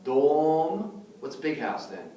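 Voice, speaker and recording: Echoey teacher in a classroom, heard from afar. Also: male voice, fairly high pitch, big pitch swings, slow, dark tone, distant mic. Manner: explains patiently, often checks in with "okay?". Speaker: Russian language teacher. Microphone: far camera. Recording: very echoey room, recorded from afar.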